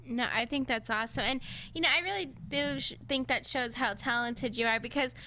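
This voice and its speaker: Brief: woman host, high bright tone, supportive and warm to the guest. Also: a little hiss or hum, poor audio. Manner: encouraging, quick to laugh. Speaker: talk show host. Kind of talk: casual interview.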